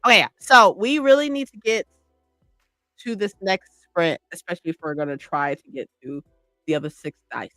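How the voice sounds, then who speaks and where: A woman's voice: fairly low pitch, moderate pace, a bit bright, no echo, faint music behind. A woman chatting on a livestream, rambling and gushing with lots of "like" and "right?". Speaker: streamer. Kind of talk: casual livestream chat.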